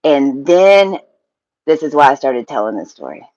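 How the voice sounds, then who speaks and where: A man telling a personal story in a halting, emotional monologue, swearing freely and often restarting his sentences. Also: medium pitch, big pitch swings, a little mellow, dry recording, lo-fi sound.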